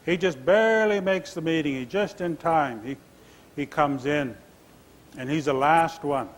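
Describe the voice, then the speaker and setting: A Nez Perce man from the US Pacific Northwest telling creation legends in a relaxed, conversational way at a stage microphone. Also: fairly high pitch, measured pace, rough recording. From Nez Perce homeland, US Pacific Northwest. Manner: relaxed, conversational, asides to listeners. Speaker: tribal storyteller. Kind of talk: oral storytelling.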